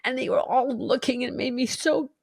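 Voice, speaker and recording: A woman's voice: sits high, a little fast, vocal fry, a little mellow, breathy edge, dry recording, studio quality. Woman telling a vivid personal story. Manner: vivid, emotional retelling with restarts and acted-out quotes. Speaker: podcast guest.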